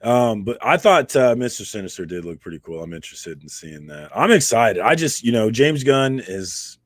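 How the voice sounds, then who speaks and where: A man's voice: on the low side, sing-song, normal speed, no echo. A man co-hosting a casual online chat, laid-back and laughing easily, greeting viewers by name. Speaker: co-host.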